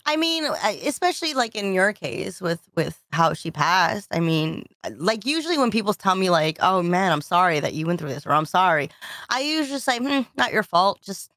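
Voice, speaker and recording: A woman co-hosting a podcast in casual chat, animated and quick to laugh. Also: fairly low pitch, no room sound, clean studio sound. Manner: laughs often, animated storytelling. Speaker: podcast co-host.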